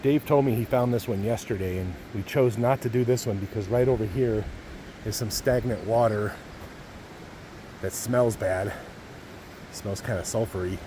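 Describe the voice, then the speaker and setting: This middle-aged backpacking vlogger chats with viewers in a homespun manner as he hikes through the mountain forest, slightly winded. He speaks at a normal speed in a lowish voice against a noisy background.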